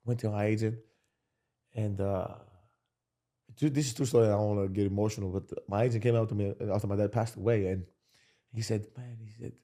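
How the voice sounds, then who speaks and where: A man's voice: lowish voice, brisk, long pauses. Laid-back man in casual sports chat. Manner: animated, repeats himself, restarts sentences. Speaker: podcast host, former basketball player.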